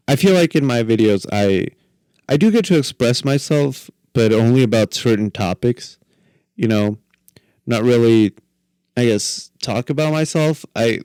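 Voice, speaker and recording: Rambling man with a smooth voice. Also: on the low side, darkish tone, no echo, clean studio sound. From Mexico. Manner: rambling, filler-heavy, joking. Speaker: podcast host. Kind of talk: casual solo podcast chat.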